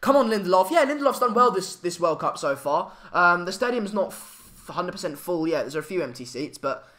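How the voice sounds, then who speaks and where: A man's voice: high voice, lively intonation, fairly quick, pushed and bright. A young man, hosting a casual live stream chat, hesitant with many fillers and restarts. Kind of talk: casual live match chat, reading comments.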